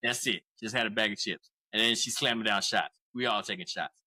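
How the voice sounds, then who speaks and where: A man's voice: lowish voice, brisk, bright, forceful tone, low-quality recording. A man in his forties casually telling a profane story as a podcast co-host, often laughing.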